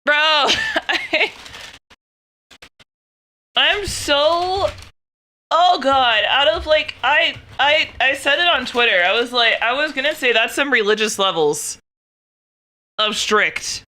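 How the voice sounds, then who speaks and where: A young adult woman streaming and chatting casually, excitable and laughing often, swearing freely as she talks. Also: high-pitched, slow, pauses often. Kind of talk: casual chat while gaming.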